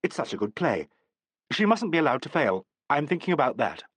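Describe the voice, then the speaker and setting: A man's voice: fairly high pitch, sing-song, a little fast, fairly bright tone, breathy edge, no room sound, full character voice. A man reading the part of an earnest young woman, a theatre dresser and understudy, in a pleading, apologetic way.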